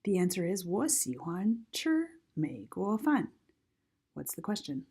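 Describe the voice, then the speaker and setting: Slow, husky-voiced woman teaching Chinese. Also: mid-range voice, sing-song, mellow. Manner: slow, careful model sentences for learners. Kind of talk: recorded grammar lesson.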